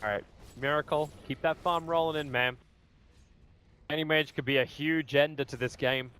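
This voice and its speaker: A man casting a live esports match, rambling in asides and rising to excited play calls. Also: fairly high pitch, normal speed, clear, resonant tone. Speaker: esports commentator.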